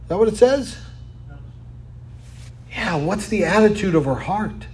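A man preaching a sermon, asking rhetorical questions and tagging lines with "right?", sometimes dropping to a quiet, almost whispered tone for emphasis. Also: sits high, animated, measured pace. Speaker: pastor.

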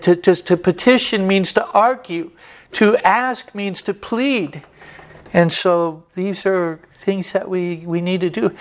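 A preacher delivering a sermon earnestly, building repeated emphatic lists and sometimes restarting words mid-sentence. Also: mid-range voice. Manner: occasional stumbling restarts.

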